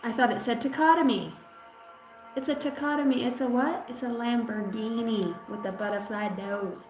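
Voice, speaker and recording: A woman in her thirties gives a casual livestream card reading, greeting viewers with playful, profane banter. Her voice sits fairly high. The room rings with echo, and faint music plays behind her. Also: normal speed. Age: 30s. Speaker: tarot and oracle card reader.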